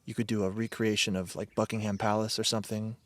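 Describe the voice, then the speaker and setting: This podcast host has a fairly low, flat voice and talks quickly on a dry recording. Alone on the mic, he wanders off topic, curses, and keeps interrupting himself to restart sentences.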